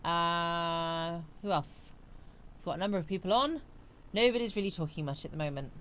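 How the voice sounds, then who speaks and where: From a small home studio, a woman from England's West Country hosts a live chat stream in a fairly low, somewhat bright voice at a moderate pace, with slight background noise. She's sleepy and yawns as she greets viewers by name and responds to their comments.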